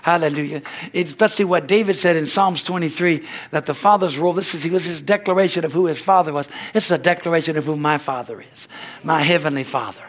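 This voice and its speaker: A man preaching a sermon and leading a closing prayer, fervent and repetitive, building to loud exclamations. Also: a little high, fast.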